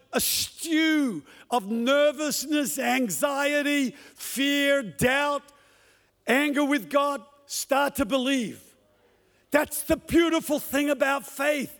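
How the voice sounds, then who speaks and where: Male preacher, fervent sermon delivery, acts out quotes; very high-pitched, long hall reverb. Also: slow pace, fairly bright tone. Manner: impassioned, acts out the lines he quotes. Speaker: pastor. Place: church hall with a congregation.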